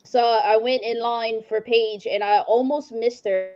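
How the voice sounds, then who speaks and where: A woman's voice: fairly high pitch, fairly even intonation, a little slow, a little mellow, muffled recording. A woman hosting a casual interview, telling rambling stories and laughing often. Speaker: host. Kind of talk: casual chat.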